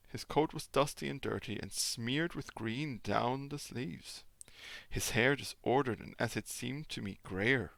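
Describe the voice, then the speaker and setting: A man's voice: medium pitch, creaky, a bit bright, no room sound. A man whose first language is German, a father reading a classic novel aloud expressively, with occasional small slips.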